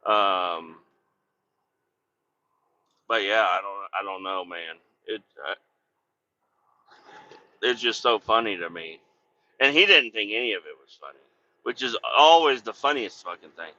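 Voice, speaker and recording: A trucker man tells a rambling road story, swearing freely and laughing at his own jokes. His voice is piercingly bright and edgy. The recording sounds dull and lo-fi. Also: fairly low pitch, animated, a little slow, pauses often. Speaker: truck driver and podcast host. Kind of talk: casual storytelling chat. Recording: dull lo-fi audio.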